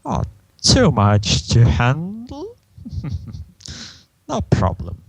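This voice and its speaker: A man voicing a flamboyant, teasing male chaos spirit in a comic reading of a fan comic, with theatrical, drawn-out delivery. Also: on the high side, huge pitch swings, gravelly, breathy edge, no room sound, voice pushed up, heavily acted, poor audio. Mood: smug. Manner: theatrical, preening, drawn-out words.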